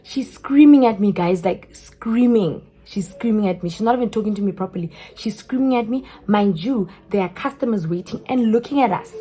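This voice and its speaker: A young South African woman with a South African accent, telling a story in an animated way straight to her viewers. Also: medium pitch, a little fast, few pauses, slightly rough. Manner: animated, keeps addressing viewers as guys. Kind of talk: storytime vlog.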